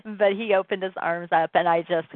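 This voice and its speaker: A woman leads a new moon gathering on a group call and talks in a loose, chatty way. Her voice sits a little low and comes through a dry, tinny phone line. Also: steady tone, moderate pace, no echo. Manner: chatty, rambling, with fillers and laughs.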